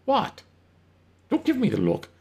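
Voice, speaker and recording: A man voicing a troubled, wry woman who talks in halting, stammering restarts. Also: extremely high pitch, huge pitch swings, vocal fry, a little mellow, pitched above the performer's own voice, full character voice. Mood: conflicted.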